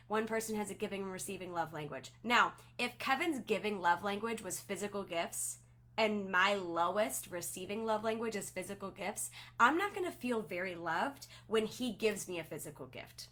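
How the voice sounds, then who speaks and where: A woman's voice: mid-range voice, sharp tone. A woman who leads a direct sales team, coaching them in an upbeat, gushing and encouraging way.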